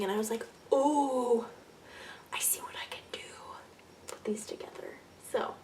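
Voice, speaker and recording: A young woman hosting a casual knitting podcast, rambling and correcting herself, often trailing off into soft muttered asides. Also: mid-range voice, recorded from a distance, a little hiss or hum. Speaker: podcast host.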